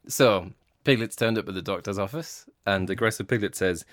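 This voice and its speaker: A man's voice: on the low side, normal speed, fairly bright tone, dry recording, clean studio sound. A man co-hosting a casual chat, telling jokes in a playful, self-mocking way and laughing often. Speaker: podcast co-host.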